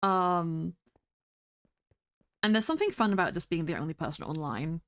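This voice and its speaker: A woman streamer rambling through casual gameplay commentary, talking to herself with bursts of excited exclamations. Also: on the low side, normal speed. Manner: chatty, rambling self-talk with excited exclamations. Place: home streaming setup.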